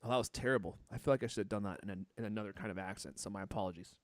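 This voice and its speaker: A man's voice: on the low side, racing, dry recording, clean studio sound. Jokey man hosting a live podcast. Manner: jokey, reads out viewer comments. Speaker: podcast host. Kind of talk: casual live-stream chat.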